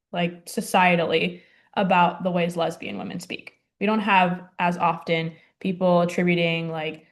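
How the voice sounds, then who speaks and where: Hesitant young woman giving a class talk. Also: on the low side. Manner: hesitant, many ums and likes. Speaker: student presenter. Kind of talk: class project presentation.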